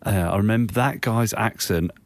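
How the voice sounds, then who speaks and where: A man hosting a casual chat, laughing often and reacting quickly. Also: on the low side.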